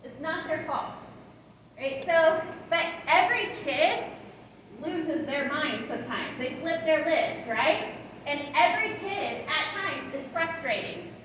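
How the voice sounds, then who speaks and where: Animated woman teaching in an echoey hall. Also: sits high, slow, dull audio. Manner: animated, checks in with the audience often. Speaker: parenting educator. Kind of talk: live training talk to caregivers. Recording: echoey hall, voice from far off, background noise.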